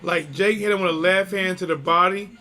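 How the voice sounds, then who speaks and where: Talking directly to his viewers, a man casually commentates a fight on a live stream, getting excited easily and peppering his speech with fillers and restarts. His voice is high and brisk, with faint music in the background.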